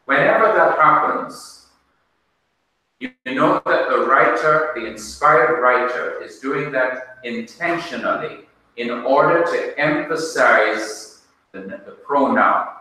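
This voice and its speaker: A Jamaican Bible teacher gives a classroom lecture, speaking slowly and deliberately and checking on his students with questions. His medium-pitched male voice is expressive, bright and forceful, caught by a far-off mic in an echoey classroom.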